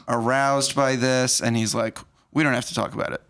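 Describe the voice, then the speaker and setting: Man, podcast host, gravelly voice, casual movie recap, acts out the lines. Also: mid-range voice, normal speed. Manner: animated retelling, acts out lines.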